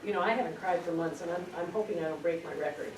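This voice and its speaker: A middle-aged woman with a lowish voice speaks rapidly, giving an earnest, story-driven spiritual talk to a group in a meeting room and repeating words for emphasis. It's informal teaching, recorded noisily from a distant mic in an echoey room.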